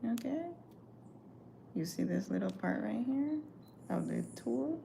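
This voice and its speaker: Gravelly woman telling a story. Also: on the high side, slow pace, pauses often, a little hiss or hum. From Caribbean. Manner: animated, profane, chatty, acts out quotes. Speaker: livestreamer. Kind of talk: casual storytelling livestream.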